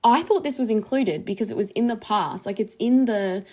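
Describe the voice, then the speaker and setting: Brief: young female podcast host, mellow mid-pitched voice, rambling conversational storytelling. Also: normal speed. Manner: chatty, many ums and likes, laughs while telling, whispers quoted lines. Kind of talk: casual storytelling monologue.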